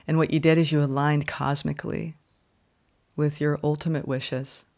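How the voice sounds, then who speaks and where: A woman giving a casual spoken tarot reading, expressive and emphatic, swinging between loud exclamations and soft murmurs, often saying "right?" and "like". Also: sits low, moderate pace. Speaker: tarot reader.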